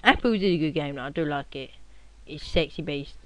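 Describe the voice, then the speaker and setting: A young man giving casual gameplay commentary at his computer, rowdy and swearing, often yelling at the game. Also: fairly high pitch, moderate pace, no room sound. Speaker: gaming commentator.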